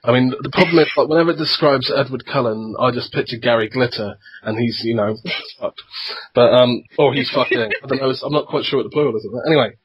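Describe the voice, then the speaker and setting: A man's voice: mid-range voice, fast, slight background noise. A young adult man hosting a podcast, rambling through profane stories in casual chat. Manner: rambling and profane, tells anecdotes. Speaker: podcast host. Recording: dull lo-fi podcast recording.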